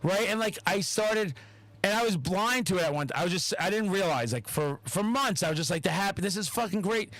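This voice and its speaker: A man's voice: high-pitched, brisk, no echo, low-quality recording. A man hosting a podcast, chatting casually with lots of swearing and acted-out quotes. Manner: animated, heavy swearing, acts out quotes. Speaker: podcast host.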